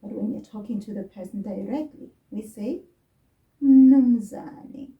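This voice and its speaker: A woman teaching a children's language lesson, speaking slowly and carefully and repeating words for the child to echo. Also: medium pitch, gravelly, recorded from a distance, phone-quality sound.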